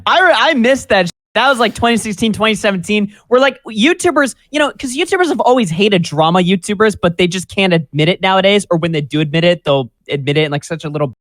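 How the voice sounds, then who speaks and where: A man co-hosting a casual commentary chat, animated, swearing and laughing a lot. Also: sits high, fast, hardly any pauses, no room sound. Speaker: co-host.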